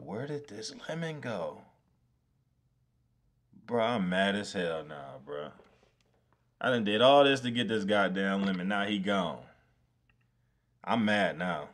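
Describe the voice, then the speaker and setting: A man's voice: sits low, animated, takes it slowly, pauses often, a bit bright. A man live-streaming his design work, talking to himself as he goes, swearing freely and laughing when things go wrong. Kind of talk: casual live-stream commentary.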